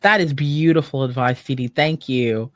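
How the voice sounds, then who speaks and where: A woman hosting a podcast, chatty and enthusiastic, quick to affirm her guest. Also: rumbling low, dry recording. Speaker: podcast host. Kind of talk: casual interview chat.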